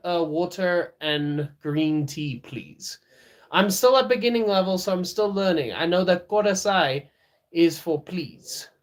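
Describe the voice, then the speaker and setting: A man streaming live, chatting casually with viewers, laughing often and talking to his dog. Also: high-pitched.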